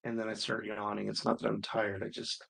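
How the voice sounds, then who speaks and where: A man's voice: lowish voice, monotone, fairly quick, vocal fry, fairly bright tone, breathy edge. A man teaching accounting, talking casually through a homework walkthrough, thinking aloud and sounding mildly exasperated at times. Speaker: accounting instructor. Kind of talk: screen-recorded homework walkthrough.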